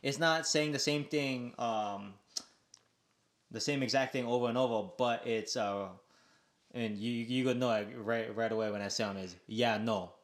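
A man's voice: mid-range voice, normal speed. A man with a Hawaiian Pidgin accent, co-hosting a podcast in casual, playful chat and acting out how words are said. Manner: laughing, playful, demonstrating pronunciations. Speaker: podcast co-host.

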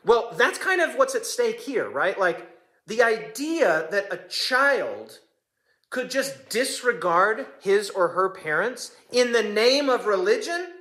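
A man's voice: high-pitched, very animated, slow, sharp tone. A man in his forties preaching a sermon as pastor, impassioned and emphatic, repeating phrases for effect.

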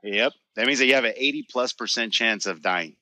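A man's voice: mid-range voice, brisk, bright, forceful tone, no room sound. A man co-hosting a podcast, explaining his views emphatically in casual conversation. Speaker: podcast co-host. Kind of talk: casual chat.

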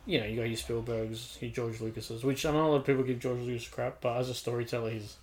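A man's voice: medium pitch, fairly even intonation, quick pace. A man who makes indie films talking casually, laid-back, with lots of "like" and restarts. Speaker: indie filmmaker. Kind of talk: casual chat.

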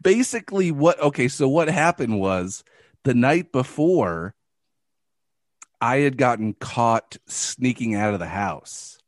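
Man hosting a casual chat, swears a lot, rambles, mid pitch, dry close sound. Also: very animated, slow pace, no room sound. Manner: profane, rambling.

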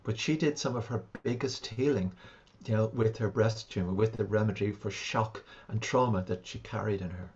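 A man, a homeopath and shamanic practitioner, calmly recounting a client's sessions in an interview. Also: lowish voice, normal speed, dull audio. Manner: calm, reflective, recounts sessions at length. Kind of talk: interview storytelling.

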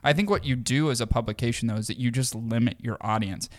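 A man's voice: medium pitch, fast talker. Rambling man on a podcast. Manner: rambling, many fillers and restarts, earnest. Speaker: podcast co-host. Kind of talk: casual chat.

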